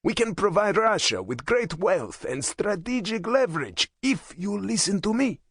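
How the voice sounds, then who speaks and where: A man narrating an audiobook voices a fervent hardline male politician, raspy, harsh and impassioned. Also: high-pitched, sing-song, moderate pace, no room sound, clean studio sound, voice pushed up, heavily acted. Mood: urgent. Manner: impassioned, intense.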